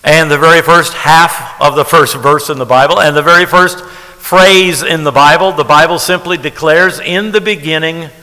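A man's voice: on the high side, fairly even intonation, normal speed, pushed and bright, big-room sound, poor audio. A man preaching a sermon as pastor, talking in a conversational way and repeating key phrases for emphasis.

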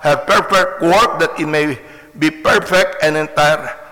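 Man, preacher, sermon, emphatic and repetitive, bright tense voice, echoing hall. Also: a little high, a little slow. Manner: repetitive, emphatic, reads scripture aloud. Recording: long hall reverb.

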